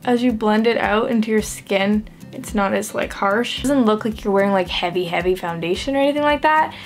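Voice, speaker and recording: A woman's voice: medium pitch, fairly quick, faint music behind. A young adult woman chatting through a makeup routine, self-deprecating and filling her talk with "like". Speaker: beauty vlogger. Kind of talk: casual makeup tutorial chat.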